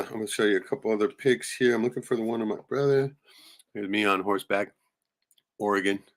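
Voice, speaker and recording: A middle-aged man streaming live, swearing freely and rambling through stories while showing photos. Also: lowish voice. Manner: profane, rambling storyteller with sudden loud jumps. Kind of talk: casual venting monologue showing photos.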